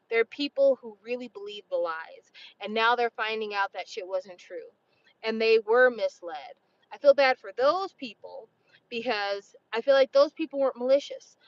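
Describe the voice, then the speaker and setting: A woman's voice: fairly high pitch, lo-fi sound. A woman in her forties talking casually to camera, blunt and opinionated, swearing freely. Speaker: vlogger.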